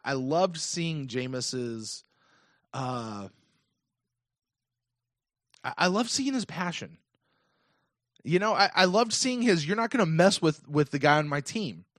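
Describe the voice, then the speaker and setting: An American man in his thirties rants to his listeners on a call-in sports podcast, circling back on his points with emphatic repetition. His voice sits a little high. The sound is dry and close to the mic. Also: no echo. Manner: animated, repetitive, emphatic rant. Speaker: podcast host.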